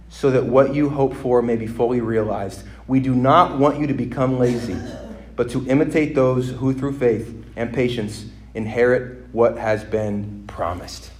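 A man preaching a sermon, moving between quiet reflection and loud, emphatic exhortation. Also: medium pitch, fairly even intonation, measured pace.

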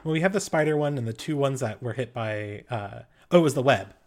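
A man's voice: mid-range voice, lively intonation, fairly quick, darkish tone. A man as game master, narrating a tabletop game in a loose, improvised way.

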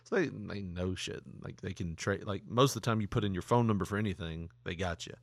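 A man hosting a podcast in casual chat, telling stories in an animated way and jumping into mocking voices. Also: brisk, gravelly, no room sound. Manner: animated storyteller, jumps into high mocking voices. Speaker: podcast host.

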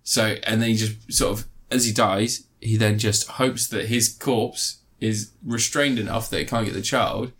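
A man casually recapping and reviewing a film, rambling with fillers, sarcastic asides and quick mock voices. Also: fairly low pitch, fairly even intonation, fairly bright tone, slightly rough.

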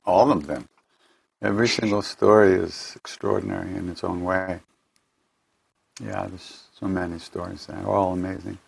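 A man's voice: sits low, fairly even intonation, measured pace, gravelly, long pauses, breathy edge. A man hosting an online gathering from his home, telling spiritual stories in a rambling, casual way and restarting his sentences often. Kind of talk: casual storytelling talk. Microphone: home computer mic for an online event.

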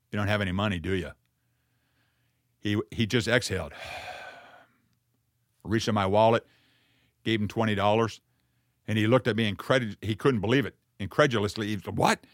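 A man's voice: medium pitch, a bit bright, dry recording, clean studio sound. Earnest man telling a sermon story. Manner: earnest, conversational storytelling with quoted dialogue. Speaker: ministry speaker addressing congregation.

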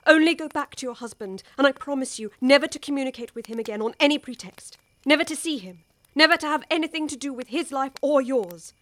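A woman's voice: sits high, animated, quick pace, fairly bright tone, no room sound. An actress with an English accent playing a worldly older woman who urgently pleads with a young wife, in a radio drama. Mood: pleading.

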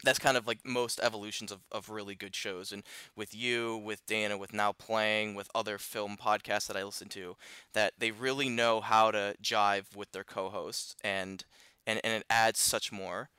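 Bright, smooth-voiced man hosting. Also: fairly low pitch, little pitch movement, moderate pace, dry recording. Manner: enthusiastic, loose and full of restarts. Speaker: podcast host. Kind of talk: casual interview.

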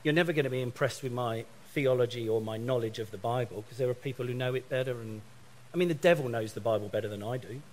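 Animated male preacher telling stories. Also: mid-range voice, fast, hardly any pauses, a little hiss or hum. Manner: animated storytelling, acts out phone calls. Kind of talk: sermon.

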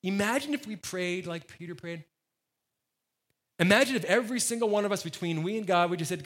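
A man's voice: sits high, a little fast, a bit bright. A man preaching a sermon as the church's pastor, emphatic and conversational, repeating phrases for stress.

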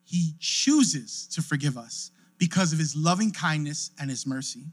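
A young adult male pastor preaching a sermon in a casual, conversational way, often checking in with the listeners. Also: fairly high pitch. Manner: conversational preaching, frequent "right?" asides.

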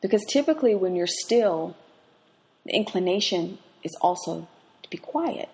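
A woman hosting a faith podcast, who moves between quiet reflection and lively personal stories as she teaches. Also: a little high, moderate pace. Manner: expressive, swings from hushed reflection to lively anecdote. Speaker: podcast host and Bible teacher. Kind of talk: devotional teaching with personal storytelling.

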